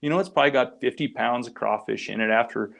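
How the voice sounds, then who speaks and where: A middle-aged man talks casually as a podcast guest. He rambles through his stories, restarting phrases and slipping into small acted quotes. His voice sits at an ordinary pitch for a man. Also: quick pace, gravelly, fairly bright tone. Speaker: guest, founder of a crayfishing group. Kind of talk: casual storytelling interview.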